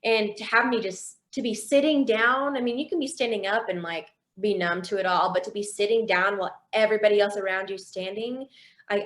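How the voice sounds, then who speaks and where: A woman's voice: mid-range voice, a bit bright. A young woman sharing her faith testimony in an interview, telling it expressively and acting out quoted dialogue. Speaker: interview guest.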